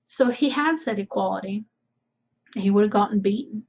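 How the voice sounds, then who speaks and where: A woman's voice: medium pitch, moderate pace, darkish tone, lo-fi sound. A woman teacher reading a novel aloud to a class, breaking off for casual explanations. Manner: casual asides between readings.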